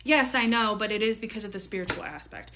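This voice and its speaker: A woman's voice: medium pitch, fairly even intonation, fast talker, fairly bright tone. A woman giving a casual, chatty tarot reading to her viewers, full of fillers and playful asides. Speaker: tarot reader.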